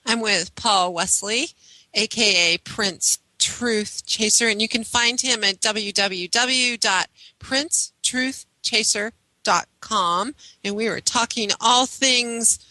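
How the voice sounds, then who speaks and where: A woman hosting a radio show, introducing her guest and agreeing with him in an unhurried way. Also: on the high side, sharp tone, no echo, rough recording. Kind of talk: casual radio interview talk.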